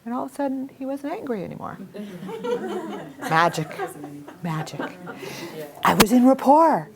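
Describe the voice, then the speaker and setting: A middle-aged woman teaching a communication workshop to a live group, talking in a lively, animated way. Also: sits high, a little slow, a loud crowd. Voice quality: animated storytelling with acted quotes. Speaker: workshop instructor.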